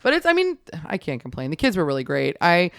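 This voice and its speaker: Blunt, crisp-voiced woman. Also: lowish voice, quick pace, dry recording. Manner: blunt, profane, animated storytelling. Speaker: podcast guest, substitute teacher. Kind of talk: casual podcast chat.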